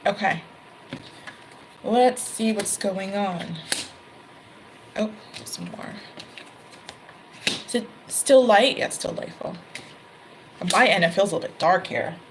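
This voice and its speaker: A woman gives a casual tarot reading in a mid-range voice. She talks in a chatty, loose way, laughing often and correcting herself mid-sentence. Card shuffling and clicks can be heard clearly behind her. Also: medium pitch, slow pace, pauses often, background noise. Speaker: tarot reader.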